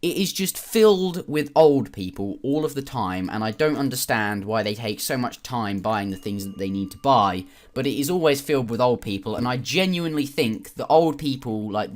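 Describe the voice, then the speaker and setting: A man's voice: mid-range voice, animated, normal speed, few pauses. A British man giving casual, rambling commentary on a strategy game replay, with joking asides and some swearing. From Britain.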